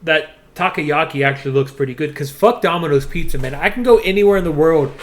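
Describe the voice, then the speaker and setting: A young man co-casting a live stream, joking loudly and swearing in casual banter. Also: fairly high pitch, fast. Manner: loud, swearing, playful. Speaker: stream co-caster.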